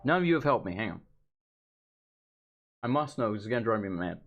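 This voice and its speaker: A man's voice: lowish voice, very animated, fairly quick, dull audio. A man giving casual, rambling commentary over his own gameplay, chatting and swearing as he plays, with faint game music behind him. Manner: rambling and chatty, swearing, eating while talking. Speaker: let's play commentator.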